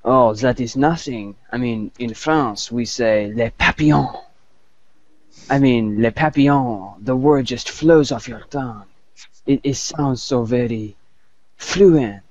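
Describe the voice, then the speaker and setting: A man's voice: mid-range voice, takes it slowly, darkish tone, no echo, highs cut off, close to an everyday voice. A man voicing a boastful French man in a joke he tells, drawing out his words. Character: snooty male French man boasting about his language.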